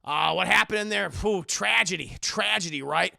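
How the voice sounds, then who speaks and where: A man's voice: sits high, moderate pace, gravelly, sharp tone, no room sound, studio quality, full character voice. A man voicing a smug, corrupt male police officer in a coaxing tone.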